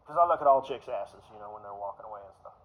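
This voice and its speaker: A man's voice: lowish voice, racing. A man rambling through a crude personal story, full of fillers, trailing off into mumbles. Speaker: vlogger. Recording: dull lo-fi recording.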